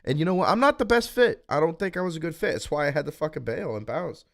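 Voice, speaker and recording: A man's voice: on the high side, animated, fast talker, creaky, fairly bright tone. A young man streaming, chatting casually on a voice call, rambling and swearing as he vents about a breakup. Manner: rambling, profane, venting. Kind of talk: casual voice chat.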